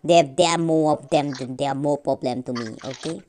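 A woman's voice: sits low, a little fast, darkish tone, a little hiss or hum. A woman giving rambling casual commentary while playing a game, often correcting her own slips. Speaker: gamer.

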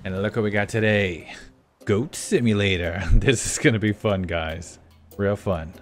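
A man's voice: lowish voice, unhurried. A man commentating a video game, talking animatedly to his viewers and laughing often. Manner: animated, talks to viewers, frequent laughing exclamations. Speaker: gameplay commentator. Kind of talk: let's play commentary. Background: game music.

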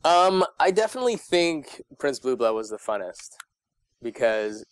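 A young man, a voice actor guest, chatting casually in an interview, playful and quick to laugh. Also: mid-range voice, smooth, no room sound, clean studio sound. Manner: animated, laughs often, playful.

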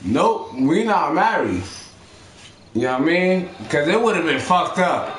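Young man, fairly high voice, rambling profane storyteller, echoey room with faint hiss. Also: big pitch swings, a little slow. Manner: rambling, profane, acts out quotes. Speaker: storyteller among friends. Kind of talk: casual storytelling chat.

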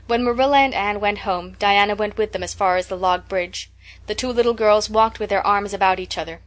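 Female audiobook narrator, measured, steady storytelling, medium pitch. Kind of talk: scripted narration.

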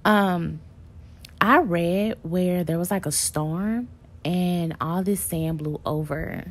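A woman's voice: lowish voice, slow pace. A woman talking casually to her viewers about a road trip, chatty and gushing, with apologetic asides. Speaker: travel vlogger. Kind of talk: casual vlog narration.

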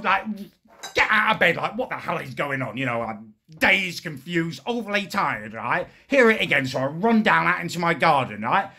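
Young man, husky, lively pitch, exasperated sweary vlogger. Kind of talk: venting storytime vlog.

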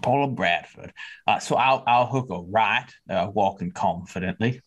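A man's voice: fairly low pitch, moderate pace, muffled recording. A man playing a tabletop role-playing game, talking casually with the game master. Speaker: player.

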